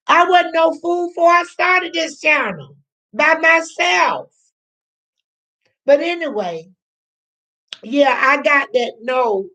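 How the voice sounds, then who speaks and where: Older lady live streaming, high voice, slow and teary, calls folks honey. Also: sharp tone, rough recording. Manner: slow, emotional, near tears. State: tearful. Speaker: channel host. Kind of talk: live-stream chat with viewers.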